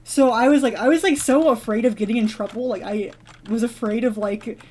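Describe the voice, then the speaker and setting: A gaming vlogger with a slightly high, warm voice talks briskly as she plays, telling a long story in a casual, giggly, rambling way full of fillers and restarts. There's slight background noise.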